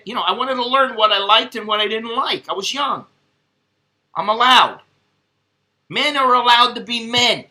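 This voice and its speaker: A middle-aged man rambles through crude, profane anecdotes in a casual vlog monologue. His voice sits high for a man and has a piercing, tense edge. He talks loosely and freely, with plenty of asides. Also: sharp tone. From United States. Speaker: vlogger.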